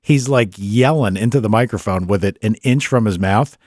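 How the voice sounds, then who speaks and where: A man co-hosting a radio-style show, chatty and excitable, telling animated stories. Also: lowish voice, moderate pace, no echo, studio quality. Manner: excitable, jumps into loud mock impressions. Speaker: podcast co-host. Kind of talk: casual studio chat.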